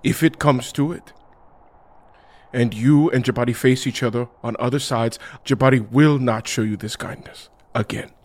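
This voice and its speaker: A man's voice: mid-range voice, normal speed, a little mellow, natural voice. A man playing a dutiful male warrior who refers to himself in the third person, speaking formally with some hesitations. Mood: grave.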